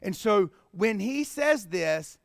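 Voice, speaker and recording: A man preaching a sermon as pastor, swinging from hushed, tender passages to emphatic, rising appeals. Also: sits high, expressive, slow, gravelly, no echo, studio quality. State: choked up with emotion.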